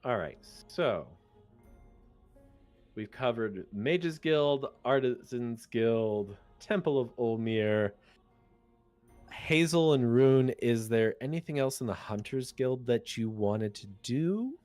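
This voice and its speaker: A man narrating as game master in a tabletop game, casual and halting with lots of fillers. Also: mid-range voice, animated, a little mellow, no room sound, soft background music.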